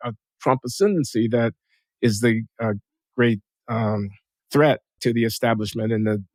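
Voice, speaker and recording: A man hosting a conversation, speaking in a measured, deliberate way with frequent hesitations. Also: mid-range voice, no echo. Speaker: host. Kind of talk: conversational discussion.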